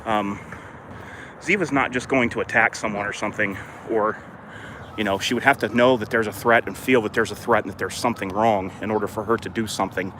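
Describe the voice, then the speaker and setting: A man's voice: steady tone, a little fast, fairly bright tone, a little hiss or hum. A man talking casually and rambling while he plays with his dog outdoors by a fenced court, filmed on a handheld phone. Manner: chatty and rambling, lifts his voice high for dog praise. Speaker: dog owner vlogger.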